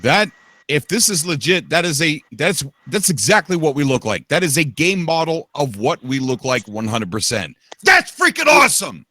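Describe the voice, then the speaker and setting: A man hosting a casual live podcast, excitable and quick to raise his voice. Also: a little high, no room sound. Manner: excitable, animated, quick to shout. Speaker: podcast host. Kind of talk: casual livestream chat.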